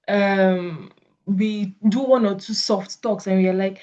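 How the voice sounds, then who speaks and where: Animated and moderately paced, a woman with a dark, mid-range voice and Nigerian English accent coaches listeners on network marketing sales conversations. She voices both participants in acted example exchanges, and the sound quality is lo-fi and slightly dull.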